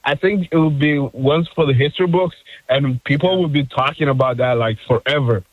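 Excited caller on a muffled line. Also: male voice, medium pitch, slightly rough, dry recording. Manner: excited, fast, fills with "like". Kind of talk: casual call-in chat. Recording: dry, muffled phone line.

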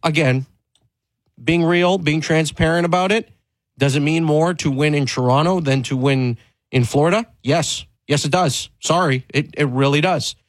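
A man's voice: fairly high pitch, normal speed, dry recording, poor audio. A man hosting a sports talk show, speaking emphatically and candidly, pressing his points with rising stress and frequent restarts.

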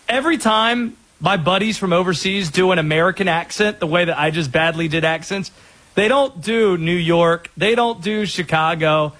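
A male sports radio host with a fairly high, husky voice. His delivery bounces up and down with energy and strong opinions, and he tosses in fast asides. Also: a bit bright, rough recording.

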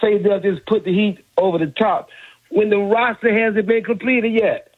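A man's voice: sits high, steady tone, moderate pace, breathy edge. Argumentative man on a tinny phone line. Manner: argumentative, challenging. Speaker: caller. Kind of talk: call-in sports radio.

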